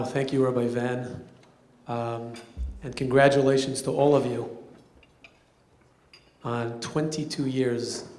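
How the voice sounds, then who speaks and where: A man speaking as a rabbi storyteller at a banquet, animated and acting out the characters in his story. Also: medium pitch, a little hiss or hum. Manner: animated, acting out quoted voices. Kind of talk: storytelling speech. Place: banquet hall.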